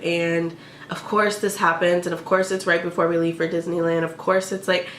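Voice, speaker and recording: Young woman vlogger, slightly low voice, chatty and emotional, roomy echo, faint hiss. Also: a bit bright. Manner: emotional, tearful at times, many "like" fillers. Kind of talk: casual storytelling vlog.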